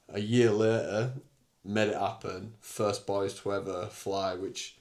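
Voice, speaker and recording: A man's voice: on the low side, fairly even intonation, a little slow, a little mellow. Give me a young man in a casual solo podcast monologue, candid and blunt. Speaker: podcast host.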